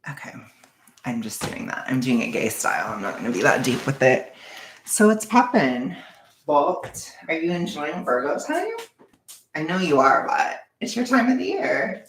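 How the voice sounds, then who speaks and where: A young adult streamer talking to the chat in a loose, rambling way, poking fun at themselves. The voice is full of fry and sits in a middle pitch. The sound bounces around an echoey room. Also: very animated, normal speed, a bit bright, slight background noise. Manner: rambling, self-deprecating, jokey with frequent laughs. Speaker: livestream host reading chat. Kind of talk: casual livestream chat.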